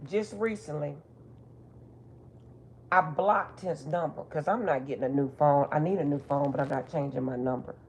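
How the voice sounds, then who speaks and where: A woman's voice: deep voice, normal speed, a little mellow, slight background noise. Blunt, profane middle-aged woman. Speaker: spiritual reader. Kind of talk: casual storytelling monologue.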